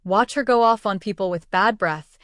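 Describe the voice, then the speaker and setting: A woman reading scripted narration for a clip compilation in a smooth, even delivery. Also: medium pitch, normal speed.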